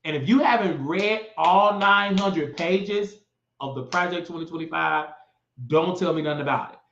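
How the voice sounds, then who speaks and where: A man's voice: on the high side, a bit bright. Heated man in an echoey room. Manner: heated, mocking, sassy. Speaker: show host. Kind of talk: political commentary rant. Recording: echoey, dull lo-fi room sound.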